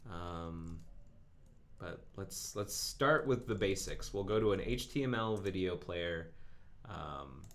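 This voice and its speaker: Speaking slowly and expressively in a low-pitched voice, this live coding streamer thinks aloud while working through his code. His self-narration is musing and full of ums.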